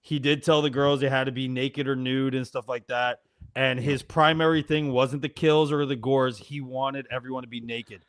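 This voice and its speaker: A man's voice: medium pitch, flat delivery, normal speed, dry recording. A man arguing on a panel show, in heated casual banter, swearing constantly and pressing his points hard. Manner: profane, emphatic, swears constantly.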